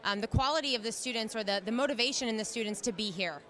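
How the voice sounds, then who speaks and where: A woman with a high, bright voice asks guests about their day in an upbeat, encouraging way. She talks outdoors at a campus event. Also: quick pace. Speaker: interviewer. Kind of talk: event interview.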